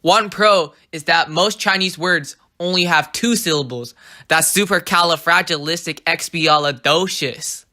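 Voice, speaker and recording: Narrator for a language lesson, bright tone, steady explanatory read, voice-over. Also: medium pitch, unhurried. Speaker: teacher. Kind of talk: scripted narration.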